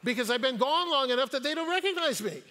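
A man's voice: very high-pitched, lively intonation, fast, pushed and bright, big-room sound. A retired pastor in his sixties preaching a sermon in a church, telling personal stories with quips and the odd hesitation. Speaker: guest pastor. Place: church sanctuary.

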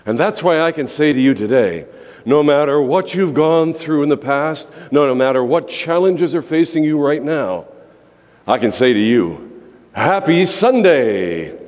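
A man preaches with a somewhat high voice, driving each point home by repeating it. His sermon rings through a large church with a long, lingering reverb. The delivery is emphatic and rousing. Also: lively intonation, normal speed, darkish tone. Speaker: pastor. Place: church sanctuary.

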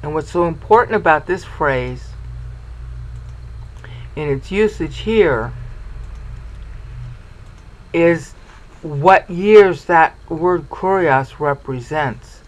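A man with a voice a little higher than most lectures on scripture in a meandering, explanatory way. He keeps stopping to check that the listener is following, then carries on walking through his points. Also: drawn-out words, pauses often, rough recording. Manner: discursive, checks in with "okay?". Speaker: Bible teacher. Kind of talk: explanatory Bible study lecture.

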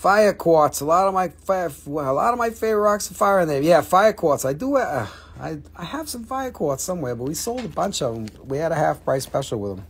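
Husky, joking live-stream rock seller. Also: mid-range voice, animated, brisk, hardly any pauses. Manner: joking, profane, rambling sales patter. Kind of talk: casual live sales chat.

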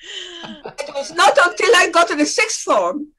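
An older woman, reminiscing as a guest speaker on a video call, lively and playful with a rhythmic way of recounting. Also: very high voice, a little slow, low-quality recording. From Guyana. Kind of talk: casual reminiscing.

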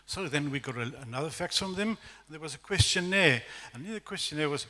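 A middle-aged man with a South African accent, telling a lively, self-deprecating testimony as a guest preacher at a church evening service. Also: on the high side, fast, few pauses. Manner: storytelling, animated, self-deprecating humor. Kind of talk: testimony sermon. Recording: echoey church hall reverb.

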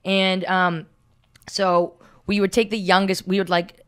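A woman's voice: mid-range voice, level tone, measured pace, a bit bright, clean tone. A young woman, a comedian, telling stories in a casual chat and laughing often. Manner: storytelling, laughs often, many likes. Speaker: comedian guest.

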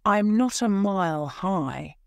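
A woman's voice: medium pitch, lively intonation, takes it slowly, gravelly, no room sound, highs cut off, pitched above the performer's own voice. A woman voicing a polite but firm young girl in a storybook.

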